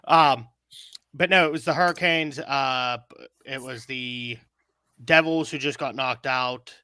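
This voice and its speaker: A man from Pittsburgh co-hosts a casual podcast, chatting hesitantly and filling gaps with ums. His voice is bright and forceful, recorded dry and close. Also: medium pitch, takes it slowly, long pauses, clear, resonant tone, dry recording. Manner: hesitant, many ums while listing teams. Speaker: podcast co-host.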